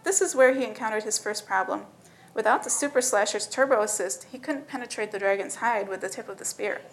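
A woman narrating a story in a steady, matter-of-fact reading voice. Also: medium pitch, brisk, slight background noise, poor audio.

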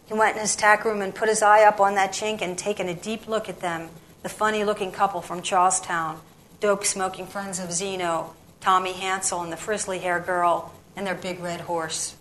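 A woman's voice: medium pitch, little pitch movement, moderate pace, fairly bright tone, slight background noise, low-quality recording. Woman narrating a dialect-rich novel. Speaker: audiobook narrator.

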